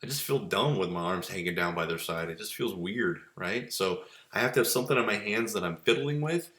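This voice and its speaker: A man with a fairly low voice gives a lecture, speaking in a loose, rambling way with plenty of fillers and restarts. The room is roomy and echoey. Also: expressive, a little fast, bright, forceful tone. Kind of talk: casual recorded lecture. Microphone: webcam with filter.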